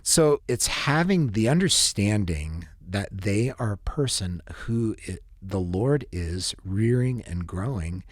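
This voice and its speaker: A man's voice: on the low side, expressive, takes it slowly, hardly any pauses, no room sound. A middle-aged man, a podcast guest, talking thoughtfully and at length in casual conversation. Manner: thoughtful, wordy, with dry jokes.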